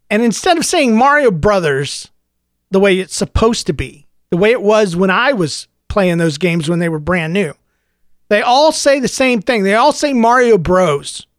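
A middle-aged man hosting a solo podcast, mock-ranting tongue in cheek in a low-key, unhurried way. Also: expressive, dry recording, studio quality. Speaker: podcast host.

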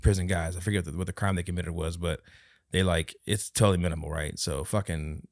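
A man co-hosting a casual movie review podcast, animated and profane, laughing often and acting out scenes as he retells them. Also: low voice, a little fast, dry recording, studio quality. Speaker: podcast co-host.

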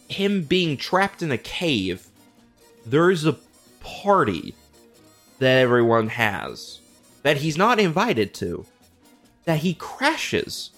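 A young man with a voice on the high side hosts a comedy podcast, casually retelling myths. He is slangy and profane and slips into quick impressions of the characters.

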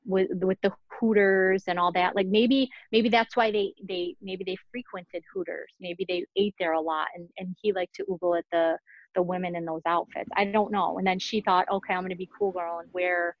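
A woman's voice: fairly low pitch, steady tone, moderate pace, no room sound, dull audio. A woman hosting a casual true-crime podcast chat, talking loosely with lots of fillers and giggles. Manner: chatty, many fillers and giggles. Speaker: podcast host.

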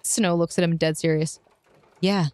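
A young woman playing a tabletop role-playing game, narrating her character and speaking as her with lively, animated swings in pitch. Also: moderate pace, no echo. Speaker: player.

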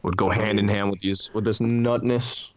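Podcast host, man, low dry voice, swears freely, retells spooky stories with restarts. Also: moderate pace, no room sound, highs cut off. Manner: swearing, animated storytelling with many restarts. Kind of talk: casual podcast chat about ghost stories.

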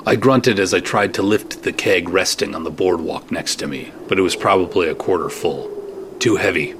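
A man giving a first-person scripted narration of an audio drama, steady and dry, with terse asides. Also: low voice, moderate pace, creaky. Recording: noisy recording.

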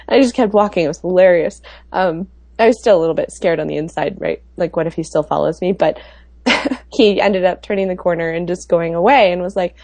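A woman from the United States with a lowish, slightly mellow voice speaks at a moderate pace in a dry recording. She tells travel stories in a casual, chatty podcast conversation, using lots of fillers.

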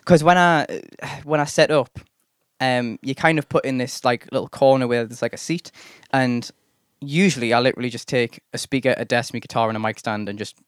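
A chatty man tells rambling gig stories over casual podcast chat. His voice is smooth and resonant. It sounds close and dry, with no room around it. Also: mid-range voice, fairly quick, few pauses, no echo. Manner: chatty storyteller, full of fillers and mock voices. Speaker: podcast host and solo gigging musician.

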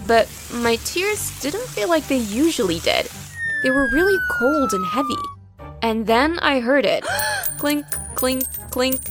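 Expressive woman telling a story. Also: high-pitched, measured pace. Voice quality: expressive, dramatic. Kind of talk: first-person story narration. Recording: background music.

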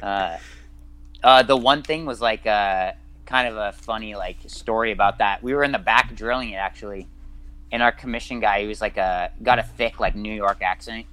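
A man from Washington state, a guest fighter on a podcast, talking modestly and haltingly over a remote call. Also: lowish voice, a bit bright, poor audio. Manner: halting, lots of uh and you know, modest. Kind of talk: casual podcast interview. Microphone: remote call, audio cutting out.

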